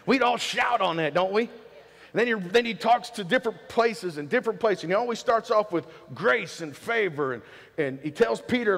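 A man preaching a sermon to his congregation, lively and full of rhetorical questions to the crowd. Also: sits high, moderate pace, vocal fry. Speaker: pastor. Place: church sanctuary. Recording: long hall reverb in a church.

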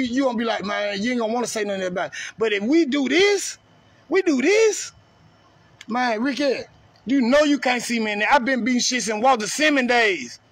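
A man's voice: extremely high pitch, dry recording. A man delivering a confrontational, profane rant on a live video and taunting someone over and over. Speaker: streamer ranting on a live video.

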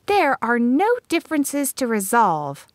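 In an audiobook, a woman voices an earnest, spirited eighteen-year-old schoolteacher, reading the dialogue in a lively, bright tone. Her delivery is a little high, pitched above her natural voice, at a measured pace, in a studio-quality recording with no room sound.

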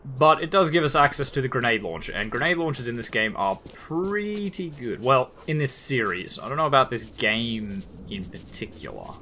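Lively, bright-voiced Australian gamer guy. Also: mid-range voice, moderate pace, hardly any pauses, slight background noise. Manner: chatty, rambling, casually profane. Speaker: let's play gamer. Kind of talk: casual gameplay commentary.

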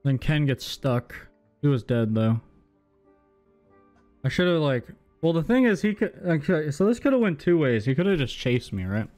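A man's voice: fairly high pitch, sing-song, a little slow, darkish tone, soft background music. A young man streaming a game, casually talking through his own plays and second-guessing them. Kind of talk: casual gameplay commentary.

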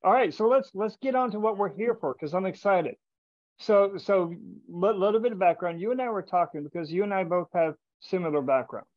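Give me an enthusiastic man hosting a casual chat over a dull video call, mid-pitched, stumbling and repeating words. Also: fairly quick, no echo. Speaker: podcast host tasting bourbon. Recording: dull, lo-fi sound.

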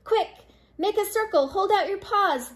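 An older woman voicing Pipsqueak, a small, plucky prairie dog who calls the others to action in a high, urgent voice. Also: lively intonation, measured pace, a little mellow. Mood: commanding.

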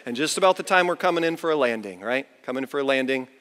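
A pastor preaching a chapel sermon, telling a story with big swings between loud, high bursts and quiet, low asides. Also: male voice, quick pace. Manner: animated storyteller with wide swings in pitch and loudness. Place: large university chapel. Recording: long reverb of a large hall.

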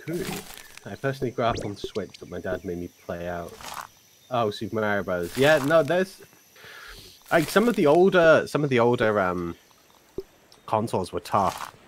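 A man's voice: fairly low pitch, sing-song, normal speed, a little hiss or hum. A man with an English accent, hosting a let's play with casual, rambling chat that often breaks off and restarts. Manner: rambling, self-interrupting, laughs often.

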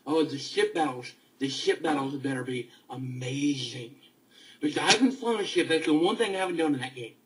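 A man angrily ranting about a video game, stammering and repeating himself as he swings between outbursts and low muttering. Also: fairly quick, fairly bright tone, slight background noise, low-quality recording. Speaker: video gamer. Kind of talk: angry ranting vlog.

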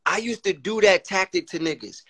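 A man hosting a casual panel chat over a remote call, excitable and emphatic, laughing often. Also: high voice, a little fast, husky. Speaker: panel host, former battle rapper. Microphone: remote call mic.

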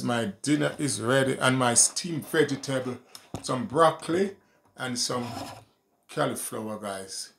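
Gravelly man cooking in an echoey kitchen. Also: medium pitch, a bit bright. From Jamaica. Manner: repeats "guys" constantly, simple homely commentary. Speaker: home cooking vlogger. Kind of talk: casual cooking demonstration. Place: home kitchen.

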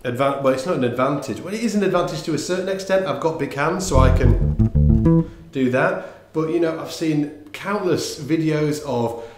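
A man giving a casual online bass lesson, talking in a relaxed, rambling way with lots of fillers and restarts. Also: moderate pace, echoey room, over music. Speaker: bass teacher. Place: room with instruments, bass played along.

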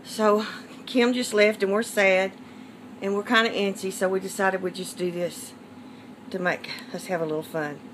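A woman gently and fondly showing her small home nursery in a casual vlog. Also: medium pitch, steady tone, a little hiss or hum. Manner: gentle, fond, unhurried showing. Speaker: doll collector giving a home tour.

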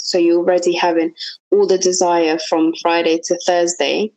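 A woman's voice: on the low side, a little slow, no echo, low-quality recording. A young woman co-hosting a casual chat podcast, telling stories frankly and with lots of laughter. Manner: frank, animated storytelling with laughs. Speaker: podcast co-host.

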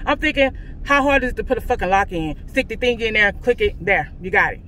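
A woman vlogger venting casually to her viewers, loud and profane, from in or near her car. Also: fairly high pitch, a little fast, slight background noise.

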